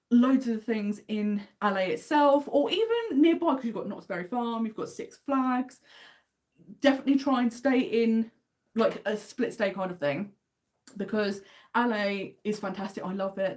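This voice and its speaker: A woman's voice: medium pitch, a little mellow. An English woman with an English accent, hosting a casual livestream and chatting enthusiastically while answering viewer comments. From England. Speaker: livestream host.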